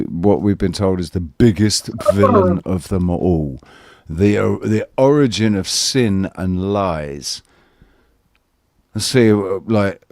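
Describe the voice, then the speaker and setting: A man's voice: low-pitched, a little mellow, no room sound, studio quality. A man in casual live panel chat, rambling and self-questioning with lots of swearing. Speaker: livestream panelist.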